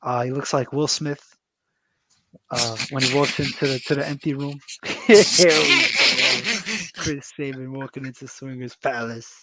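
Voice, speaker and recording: A man's voice: medium pitch, measured pace, very noisy. A man hosting a wrestling review podcast, chatting loosely and joking with plenty of swearing, recorded on a close podcast mic. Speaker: podcast host. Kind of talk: casual profane wrestling review chat.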